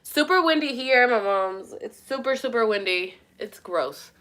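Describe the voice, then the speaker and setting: A young woman vlogging from her mother's home, talking straight to her viewers in a loose, rambling rant. She swears freely and leans hard on her points. Her voice sits a little high, with a bright, forceful edge. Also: expressive, measured pace. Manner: swears a lot, rambling and emphatic.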